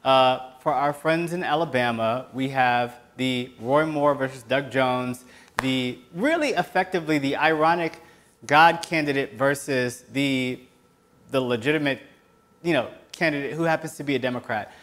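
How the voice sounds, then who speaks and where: A man hosts his own web show, delivering sarcastic political commentary with passion and sometimes yelling. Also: medium pitch, moderate pace. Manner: impassioned, sarcastic, breaks into yelling. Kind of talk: solo political commentary rant.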